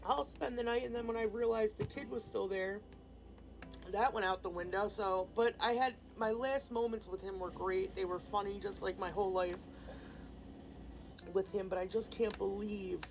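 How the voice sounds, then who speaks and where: A woman's voice: mid-range voice, steady tone, normal speed, music in the background, low-quality recording. A woman vlogger casually telling a rambling personal story, full of fillers and restarts. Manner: subdued and grieving in later part. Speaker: nail art vlogger.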